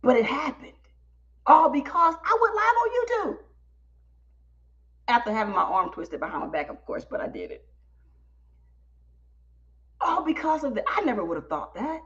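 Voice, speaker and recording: A woman podcast host telling a story on a live stream, animated and talking straight to her audience. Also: high-pitched, normal speed, pauses often, muffled recording. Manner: animated, talks directly to the audience.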